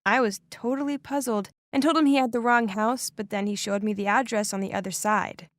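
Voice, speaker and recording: A young woman narrating a first-person animated story in a dramatic, exclaiming manner. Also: medium pitch, fairly quick, no echo, clean studio sound.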